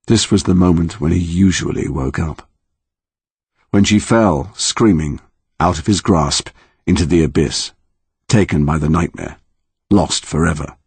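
A man narrating a dark storybook with slow, highly dramatic delivery. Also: breathy edge, dry recording. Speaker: audiobook narrator.

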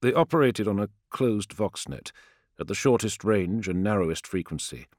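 A man narrating an audiobook in a measured, grave storytelling manner, recorded on a close studio microphone. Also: lowish voice, animated, a little mellow, no echo. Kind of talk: scripted dramatic narration.

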